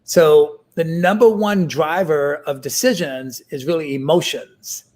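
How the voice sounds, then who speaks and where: A man's voice: a little high, darkish tone. A middle-aged man talking casually as an interview guest, with many fillers and restarts. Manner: halting, full of fillers and restarts.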